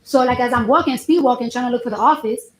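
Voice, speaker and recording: A woman testifying in a courtroom, telling her side in an animated way and acting out what others said. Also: fairly high pitch, quick pace, reverberant, low-quality recording. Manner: animated, reenacts dialogue with lively voices.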